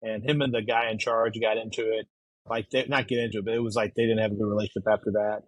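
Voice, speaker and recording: A man's voice: fairly low pitch, level tone, fast, no room sound, low-quality recording. A man who is a guest on a podcast, chatting loosely and laughing easily. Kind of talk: casual chat.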